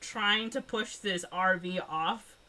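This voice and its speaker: A woman co-hosting a podcast casually recaps a movie plot, rambling along with plenty of "like" and "um." Her voice is medium-pitched, slow-paced, pushed and bright.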